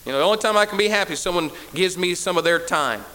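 A pastor's high, bright voice comes through fast and forceful on a low-quality recording as he delivers a sermon to his church. Despite sounding tired, he drives home his points through repetition, with a sarcastic, teasing bite.

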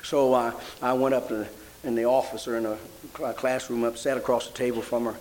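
A man's voice: level tone, fairly quick, darkish tone, slight background noise, low-quality recording. An older man preaching a sermon, telling a story and rising into fervent praise. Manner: fervent, rising to high emotional exclamations.

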